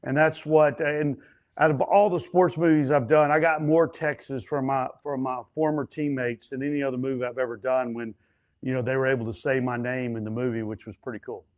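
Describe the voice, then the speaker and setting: A stuntman and actor telling set stories as an interview guest, animated and chatty, acting out other people's lines. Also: mid-range voice, fairly quick. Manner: frequent fillers and restarts. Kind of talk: casual storytelling interview.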